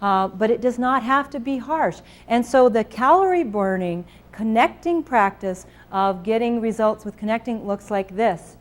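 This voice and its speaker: A woman's voice: on the high side, moderate pace, few pauses. A middle-aged woman giving a live parenting talk to an audience, laughing often and acting out scenes with her children. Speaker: parenting speaker.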